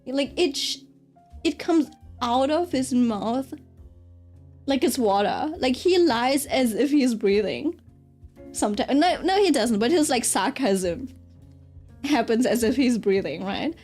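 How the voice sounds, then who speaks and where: Young woman with a high voice, chatty and giggly, just rambling while she draws, faint music in the back. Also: animated, slow pace, a little mellow. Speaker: artist streaming while drawing. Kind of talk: casual chat while drawing.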